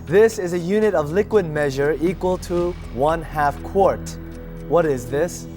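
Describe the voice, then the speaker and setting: A man with a husky voice from a cold, hosting a quiz show and reading out the questions and rules with joking asides. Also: a little high, unhurried, music in the background. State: has a cold.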